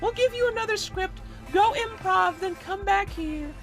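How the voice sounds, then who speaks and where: A kind lady judge with a piping, soothing falsetto, put on by a man. She talks very high and sweetly, like she's calming a nervous kid. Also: moderate pace, soft background music. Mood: reassuring.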